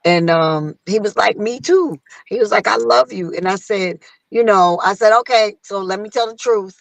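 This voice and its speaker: A woman singer telling a story in casual conversation, acting out other people's lines in a higher voice. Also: normal speed, vocal fry, no echo, poor audio. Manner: animated, acts out quotes in a higher voice. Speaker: guest singer.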